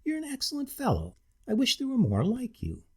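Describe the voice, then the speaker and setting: A man voicing a tipsy, pompous middle-aged gentleman who speaks with exaggerated, ponderous civility in a gravelly, husky voice. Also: a little high, huge pitch swings, normal speed, pitched above the performer's own voice, full character voice. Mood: tipsy courtesy. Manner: overly civil, ponderous, slightly drunk.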